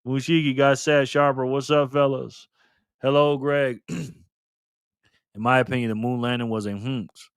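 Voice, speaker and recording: A man's voice: mid-range voice, steady tone, a little slow, pauses often, smooth, dry recording, clean studio sound. A man hosting a casual live stream, reading out the chat, greeting viewers by name and laughing often.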